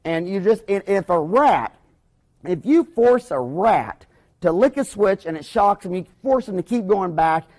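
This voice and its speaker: A dentist gives a rambling, impassioned business talk in a folksy manner, often erupting into loud, excited bursts. His voice is high-pitched and his pace measured.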